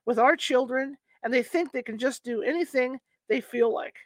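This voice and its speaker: A woman voicing a frightened, hysterical young wife in a read-aloud story, lines raised and slowed. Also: high-pitched, dry recording, close to an everyday voice. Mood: distraught.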